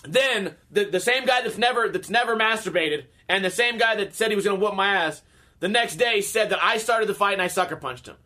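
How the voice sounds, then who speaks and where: A man's voice: high-pitched, fairly quick. A man in his thirties telling casual, profane stories as a podcast host, acting out the people he quotes. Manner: profane, animated, acts out quoted voices. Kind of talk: casual storytelling chat.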